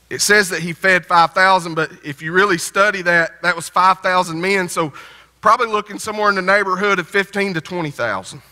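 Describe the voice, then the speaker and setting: A man's voice: sits high, sharp tone. A man preaching a sermon in a folksy, conversational way, often restarting his phrases. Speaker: pastor. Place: church sanctuary. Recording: church sanctuary with long reverb.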